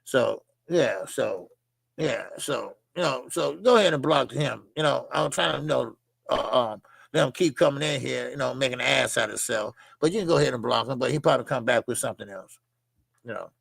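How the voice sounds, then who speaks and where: Gravelly bright-voiced guy rambling on his boxing stream, lots of you know and okay, kinda husky. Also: mid-range voice, brisk, no room sound. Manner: loose, rambling, many fillers and repeats. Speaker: livestream host. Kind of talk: casual live chat reading comments.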